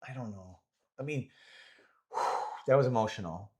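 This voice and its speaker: A man's voice: mid-range voice, unhurried, darkish tone. A man giving casual live commentary on a pool match, rambling and joking as he thinks aloud about the shots.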